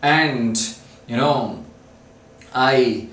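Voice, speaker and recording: A man's voice: mid-range voice, extremely slow, fairly bright tone. A man voicing a desperate invisible scientist. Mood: insistent. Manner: pleading, repeating himself urgently. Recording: roomy, distant mic, faint ambience.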